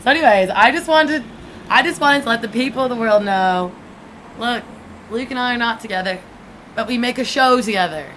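A woman co-hosting a podcast, chatting casually in a teasing, lively way. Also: a little high. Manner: teasing, lively, quick laughs. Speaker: podcast co-host. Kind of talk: casual chat. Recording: faint background noise.

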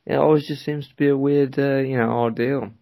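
Gravelly man telling a rambling story. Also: medium pitch, brisk, no echo, dull audio. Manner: rambling, animated, laughs often. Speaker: podcast co-host. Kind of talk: casual storytelling chat.

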